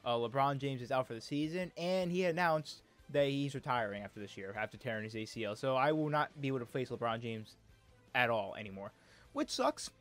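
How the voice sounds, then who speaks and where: Male game commentator, casual, prone to exasperated complaints, average pitch. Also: lively intonation, a little fast, soft background music.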